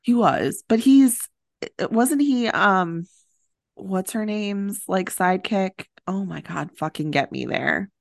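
A woman's voice: medium pitch, slow pace, vocal fry, no room sound, clean studio sound. A woman co-hosting a casual podcast, recapping a movie in a chatty way with lots of fillers. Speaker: podcast co-host.

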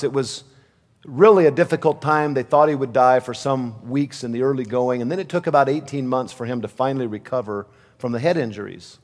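A man preaching a sermon from the pulpit, telling stories and acting out pleading voices. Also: fairly high pitch. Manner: storytelling preacher who acts out voices, rising to fervent pleas. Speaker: pastor. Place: church sanctuary. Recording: long reverb of a church hall.

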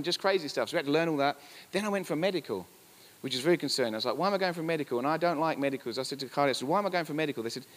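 A man's voice: on the high side, a bit bright. A male pastor preaching a sermon in church, emphatic and repetitive, with chatty asides. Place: church hall. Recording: reverberant church hall.

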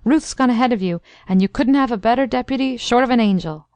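A woman's voice: on the high side, lively intonation, darkish tone, clear, resonant tone, no echo, close to an everyday voice. A woman reading as a blustering old Southern major. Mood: flustered. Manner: brisk, exclamatory.

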